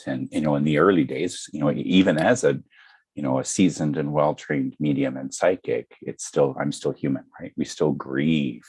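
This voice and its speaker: A middle-aged man with an extremely low voice that has a husky edge to it. He talks about his work as a medium in an earnest, reflective way, with frequent fillers, and he is heard over a video call. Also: a little mellow. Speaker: psychic medium guest. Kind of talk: conversational guest talk.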